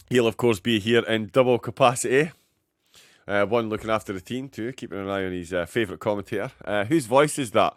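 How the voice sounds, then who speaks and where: A man's voice: fairly low pitch, normal speed, no echo, clean studio sound. A man commentating a sim racing event live, chatting and joking with a guest between race updates. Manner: chatty, jokey, banter-filled.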